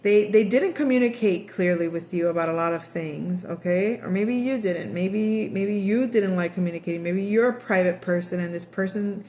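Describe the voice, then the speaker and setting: A woman's voice: medium pitch, moderate pace, hardly any pauses, warm tone, a little hiss or hum. A woman giving a casual tarot reading, chatty and rambling, laughing often and acting out quoted voices. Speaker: tarot reader.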